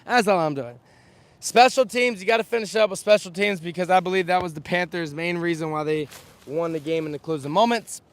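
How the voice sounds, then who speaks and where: A man's voice: high-pitched, brisk. Young man giving an outdoor sports recap. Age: young adult. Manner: energetic, chatty, lists stats. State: slightly scratchy recovering voice. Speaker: sports vlogger. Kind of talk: outdoor live postgame recap. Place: outdoors outside a stadium, windy. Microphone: camera on a stand.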